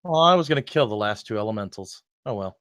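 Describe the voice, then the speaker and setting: A man's voice: fairly low pitch, animated, quick pace, a bit bright, no room sound, studio quality. A man playing in a casual tabletop game, talking loosely and repeating himself. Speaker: player.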